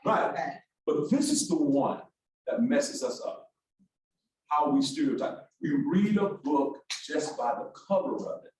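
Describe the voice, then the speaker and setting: Instructor, brisk and high-pitched, echoey distant hall sound. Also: male voice, a little hiss or hum. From Alabama, US. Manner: brisk, animated, calls on the room. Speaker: workshop instructor. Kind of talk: interactive classroom lecture. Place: large echoey classroom.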